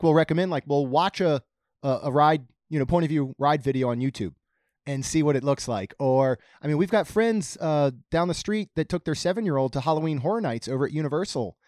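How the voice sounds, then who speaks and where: A man's voice: on the high side, a little mellow, no echo, studio quality. A middle-aged man hosting a podcast, chatting casually and telling family stories with lots of fillers. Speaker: podcast host. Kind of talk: casual chat.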